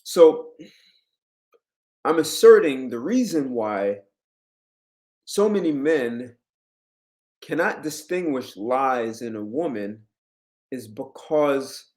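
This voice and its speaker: A man giving relationship advice to camera in an emphatic, lecturing way, jumping up in pitch on key words. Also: a little mellow. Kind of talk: direct-to-camera commentary.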